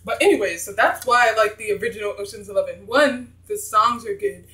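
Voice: mid-range voice, a little fast, bright, forceful tone, echoey room, low-quality recording. A young vlogger chatting casually about old movies in a rambling, blunt way. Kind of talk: casual movie-review vlog.

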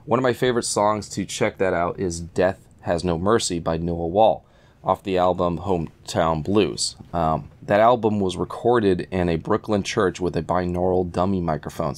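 A man with a very low voice talks through a speaker review. He rambles easily, restarts sentences and fills gaps with ums. He gets eager about fine details of sound. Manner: relaxed, rambling, with many fillers and restarts; enthusiastic about audio detail. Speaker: audio product reviewer. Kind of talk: casual spoken review.

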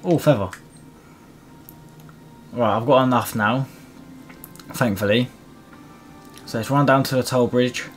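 Cheeky gaming commentator. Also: male voice, mid-range voice, a little slow, long pauses, faint music behind. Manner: casual, cheeky. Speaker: gaming host. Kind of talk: let's play commentary.

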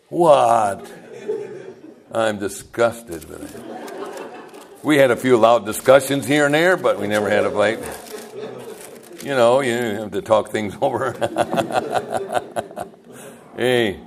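A man's voice: fairly low pitch, gravelly. An older man, a pastor, telling rambling folksy stories in a sermon and chuckling as he goes. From United States.

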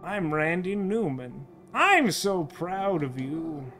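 A man voicing a soft-spoken, grieving mother in a game, speaking slowly and hushed. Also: on the high side, expressive, faint music behind. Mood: tender. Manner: slow and hushed.

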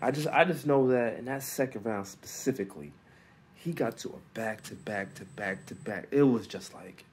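A man hosting a casual solo recap, talking in loose slang with lots of restarts, fillers and quiet asides. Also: mid-range voice, slight background noise. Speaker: battle rap recap host.

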